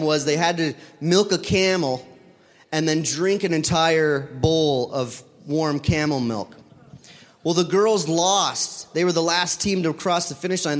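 Man, slightly higher voice, animated storyteller, self-deprecating, long hall reverb. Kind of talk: casual spoken anecdote.

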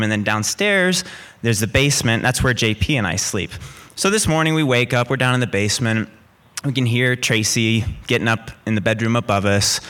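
A man telling an animated personal story in a lively, rambling way, full of vivid asides. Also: medium pitch, clear, resonant tone.

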